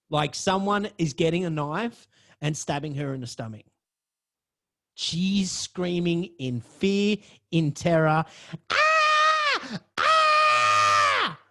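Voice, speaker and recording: Male host spinning a dramatic story with swearing, a higher voice that swings all over. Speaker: podcast host. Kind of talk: personal storytelling.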